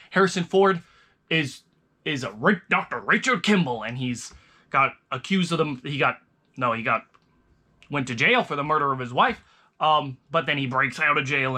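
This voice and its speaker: A man's voice: fairly high pitch, bright, forceful tone. A young man chatting casually as a vlogger, rambling and restarting his sentences often. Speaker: vlogger reviewing movies. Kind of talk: casual chat.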